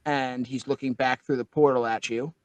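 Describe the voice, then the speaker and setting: A man's voice: mid-range voice, fairly even intonation, moderate pace, no room sound, low-quality recording. A man narrating a tabletop game as game master, describing scenes loosely with many fillers.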